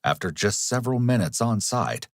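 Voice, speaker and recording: A man giving scripted documentary narration in a measured, analytical way. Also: lowish voice, expressive, heavy background noise.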